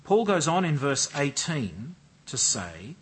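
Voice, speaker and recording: A man preaching an expository sermon with a measured, emphatic delivery, often repeating and stressing key phrases. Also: a little high, sing-song, fairly bright tone, husky.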